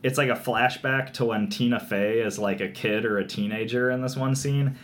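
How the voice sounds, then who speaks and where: A man's voice: mid-range voice, fairly even intonation, normal speed, fairly bright tone. Young male co-host, casual chat, chatty, laughs a lot, fillers. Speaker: podcast co-host. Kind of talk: casual chat about movie tropes.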